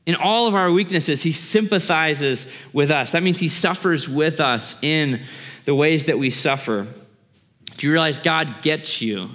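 A man's voice: on the high side, unhurried, a bit bright, long reverb tail. A man preaching a sermon as a pastor, earnest and growing impassioned, asking the congregation rhetorical questions.

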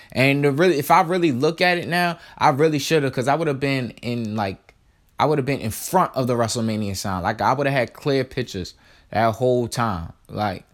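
A man's voice: medium pitch, fairly bright tone. A man casually telling a personal story on his podcast, in a slangy, laid-back way with lots of fillers.

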